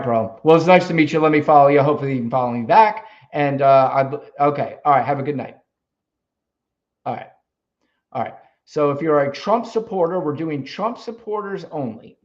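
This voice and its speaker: A fired-up man hosts a live debate stream, his voice a bit high and bouncing all over as he lectures callers. He curses freely and sounds confrontational. The audio is dull and lo-fi. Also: expressive, moderate pace. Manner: combative, profane, lecturing. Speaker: livestream host.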